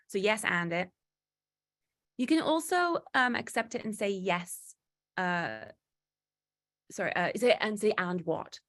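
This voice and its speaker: A woman giving a motivational talk, animated and acting out quoted exchanges, with frequent restarts. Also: medium pitch, measured pace, pauses often. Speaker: guest speaker.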